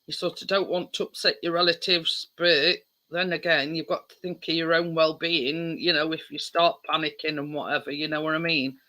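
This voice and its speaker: A woman's voice: deep voice, fairly even intonation, normal speed, hardly any pauses, bright, forceful tone. A woman hosting a casual livestream, chatting with viewers in a rambling way with lots of fillers. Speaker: livestream host.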